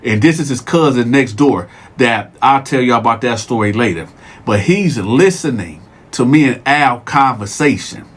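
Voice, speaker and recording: A man hosting a show, telling a story in a casual, animated way and repeating words as he goes. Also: mid-range voice, moderate pace, slightly rough. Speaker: storyteller host.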